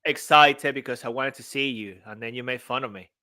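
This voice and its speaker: A man's voice: medium pitch, fairly quick, heavy background noise. A man, a Spanish speaker, cohosting a podcast in playful casual banter and often repeating his words. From Venezuela. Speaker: podcast co-host.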